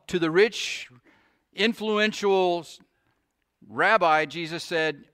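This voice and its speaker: A man's voice: high-pitched, slow pace, fairly bright tone, dry recording, studio quality. A man preaching a sermon to his congregation, earnest, often restarting his sentences and asking the listeners questions. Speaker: pastor.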